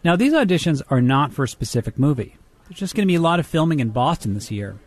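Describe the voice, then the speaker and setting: A man hosting a radio feature, reading scripted narration in an even, clear way. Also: fairly high pitch, quick pace. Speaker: radio host.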